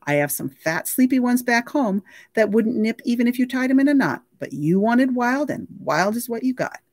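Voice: mid-range voice, lively intonation, normal speed, no echo, pitched above the performer's own voice, natural voice. A reader voicing a blunt male animal wrangler who talks dry and matter-of-fact.

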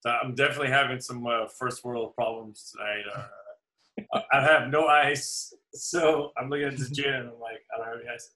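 A man with a bright, forceful voice chats on a laid-back podcast over drinks. He talks loosely, laughs often and drifts through long stories. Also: mid-range voice, steady tone, moderate pace, poor audio. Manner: chatty, laughs often, tells rambling stories. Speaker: podcast co-host. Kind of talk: casual chat over drinks.

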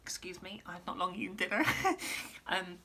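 Woman, casual vlogger, losing her voice, lowish pitch, rambly. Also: lively intonation, a little fast, pushed and bright, a little hiss or hum. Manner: rambling, lots of ums and restarts. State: losing her voice, clearing throat. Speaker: musician giving an update. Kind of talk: casual vlog update.

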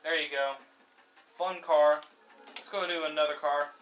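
A young man giving casual, excitable let's-play commentary while racing, swearing freely and cheering the cars on. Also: a little high, unhurried, slight background noise. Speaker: gameplay commentator. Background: game music and car engine sounds.

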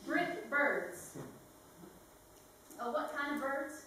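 An actress playing a spirited young Southern heiress in a live stage comedy, speaking with indignant emphasis. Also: female voice, high voice, animated, very slow, sharp tone, heavily acted. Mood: tender. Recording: echoey theater stage from far off.

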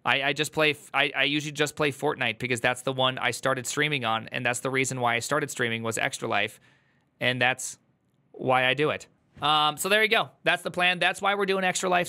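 A man's voice: on the high side, moderate pace, bright, forceful tone, smooth. A male streamer telling an emotional, earnest story to his chat, holding back tears. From United States. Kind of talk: casual livestream chat.

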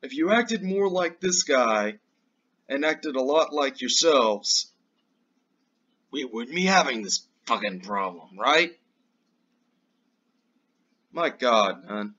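A man rants through his own political commentary show, swearing freely and leaning hard on each point. He speaks slowly, his voice bright and tense. The recording sounds dull and lo-fi, like a home setup. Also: mid-range voice, animated. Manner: ranting, profane, emphatic; slow and drawn out. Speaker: show host.

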